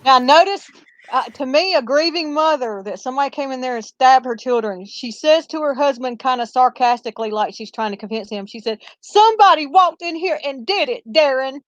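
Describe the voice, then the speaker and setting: This woman co-hosts a podcast and speaks fairly high, with a firm, opinionated way of arguing her view. The sound is dry and close but dull, as if from a lo-fi recording. She stumbles and restarts as she builds each point. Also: fairly quick, no room sound. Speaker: podcast co-host. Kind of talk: casual true-crime discussion.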